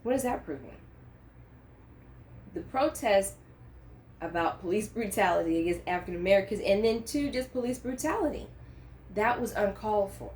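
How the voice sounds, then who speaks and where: A woman's voice: mid-range voice, normal speed, long pauses, darkish tone, slight background noise. A woman talking earnestly to camera about faith and current events, speaking with passion and building to emphatic peaks. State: choked up. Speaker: Christian vlogger. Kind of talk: unscripted faith talk to camera.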